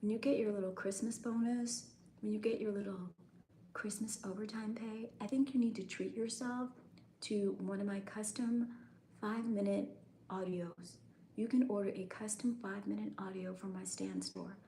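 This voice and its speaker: Woman doing a breathy whispered role-play. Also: medium pitch, steady tone, normal speed, mellow, roomy sound, a little hiss or hum, close to an everyday voice. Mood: coaxing. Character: soft-spoken woman guiding a bedtime routine.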